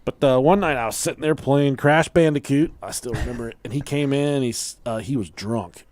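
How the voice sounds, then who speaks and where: A man's voice: medium pitch, a little fast, a little mellow, no echo. A man hosting a podcast, telling a rambling childhood story in casual chat, swearing freely and laughing as he goes. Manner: profane, laughs through his own story. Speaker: podcast host.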